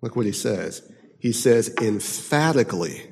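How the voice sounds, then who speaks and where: A man preaching a sermon emphatically, moving from loud declaiming to hushed, intense passages. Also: on the low side, moderate pace, slight background noise. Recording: long hall reverb.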